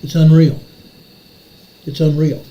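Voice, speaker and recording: A man's voice: a little high, little pitch movement, slow pace, mellow, lo-fi sound. An older man hosting a commentary show, ranting furiously and repeating his phrases for emphasis. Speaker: show host.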